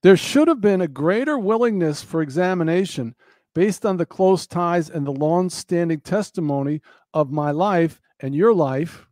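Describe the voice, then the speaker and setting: High-voiced man, impassioned monologue. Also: animated, moderate pace, darkish tone, no echo. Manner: earnest, preacherly, repeats phrases for emphasis.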